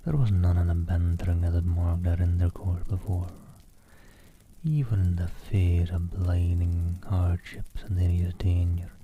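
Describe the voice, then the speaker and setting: Deep soft-whispering man reading. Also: steady tone, a little slow, slight background noise. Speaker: streamer reading a novel aloud. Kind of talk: ASMR reading.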